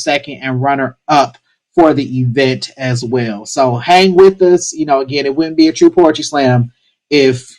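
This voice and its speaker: A man speaking, hosting an online poetry slam in a joking, lively way. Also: mid-range voice, rough recording. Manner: joking, laughs often, lively. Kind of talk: casual emceeing.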